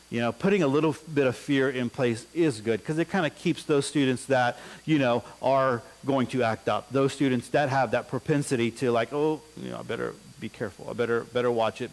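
A man's voice: on the high side, rough recording. A middle-aged man preaching a sermon, telling a school story and acting out the voices of the people in it. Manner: animated, acts out voices in anecdotes. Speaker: pastor.

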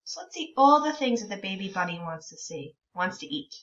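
A woman teacher leading a reading lesson for young children, encouraging them and reading words out very slowly. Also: mid-range voice, sing-song, a bit bright, far from the mic. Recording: dull lo-fi sound from a bit away from the mic.

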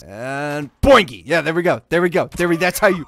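A young man hosting a gaming video, giving casual gameplay commentary and swearing and yelling at the game as he plays. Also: on the high side, moderate pace, hardly any pauses. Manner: excitable, swears and yells at the game.

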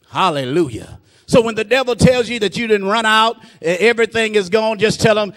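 A man preaching a fervent sermon in a strikingly high voice. He fills his lines with bursts of praise and asks the congregation to repeat after him. He climbs into shouted, rhythmic refrains. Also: lively intonation, a little fast. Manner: fervent, call-and-response preaching; peppers speech with "praise God".

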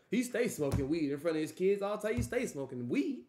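A man giving loose, animated, profane reaction commentary, trailing off and restarting. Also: sits high, a little fast, slight background noise. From Louisiana. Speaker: music reaction host. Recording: echoey room.

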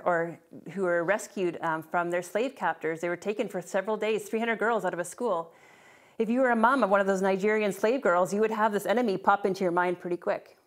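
A woman teaching a Bible class, explaining scripture in an earnest way and reading verses aloud, with a few restarts along the way. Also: mid-range voice.

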